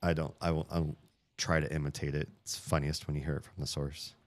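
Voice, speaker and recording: Man, very low voice, live game commentary, rambling, self-mocking, swears when stuck, excited high shouts at wins. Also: fast talker. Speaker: streamer playing a puzzle game.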